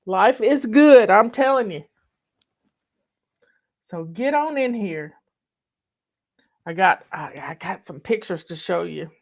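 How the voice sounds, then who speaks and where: A woman's voice: on the low side, slow, gravelly, long pauses. A woman, hosting a casual live video chat in a folksy, emotional, drawling manner, teary at times. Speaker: host.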